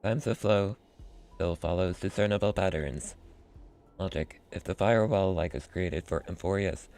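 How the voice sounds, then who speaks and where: A man voicing a stately male robot scholar in a slow, formal robotic monotone. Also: deep voice, faint music behind, voice pushed down. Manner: measured, formal delivery.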